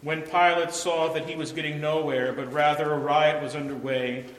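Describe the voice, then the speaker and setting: A man narrating a scripture passage in a measured, solemn liturgical reading. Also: a little high, fairly even intonation, a bit bright. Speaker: scripture reader. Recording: reverberant church.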